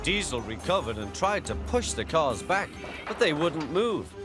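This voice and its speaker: A man narrating a children's train story in a gentle, expressive scripted reading. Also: on the high side, normal speed. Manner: gentle and expressive, doing all the voices. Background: music score.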